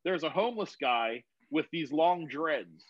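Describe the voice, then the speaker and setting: A man telling a rambling story on a video call, swearing freely and getting animated as he retells it. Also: fairly high pitch, a little slow, no room sound, highs cut off. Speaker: guest. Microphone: phone on video call.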